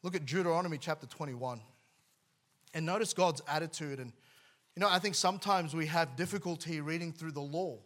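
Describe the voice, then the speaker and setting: A man's voice: a little high, brisk, a bit bright. A man preaching a sermon to his congregation, emphatic, often restarting words and letting his voice drop at the end of phrases. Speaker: pastor.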